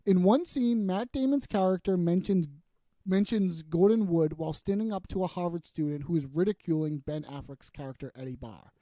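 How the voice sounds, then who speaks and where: A man's voice: high voice, moderate pace, warm tone, no room sound. A man co-hosting a podcast, rambling and laughing as he recaps a TV episode. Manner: rambling, chatty, laughs often. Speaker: podcast co-host. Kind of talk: casual chat recapping a TV episode.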